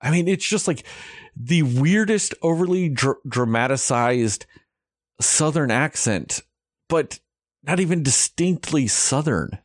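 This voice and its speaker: A man's voice: on the high side, animated, slow pace, no room sound, clean studio sound. A young man hosting a podcast, ranting about a movie in casual, heavily profane chat. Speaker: podcast host reviewing a movie.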